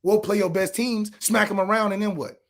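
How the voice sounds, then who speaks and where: A man co-hosting a sports podcast, ranting and trash-talking with sarcastic rhetorical questions and sometimes shouting. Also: high-pitched, fairly even intonation, brisk. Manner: shouts at peaks. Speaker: podcast co-host.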